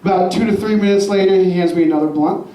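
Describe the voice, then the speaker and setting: A man's voice: sits high, fast, mellow, recorded from a distance. A man doing a crude, rambling stand-up set in a comedy club, laughing at his own jokes. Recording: roomy club sound from afar. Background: audience laughter.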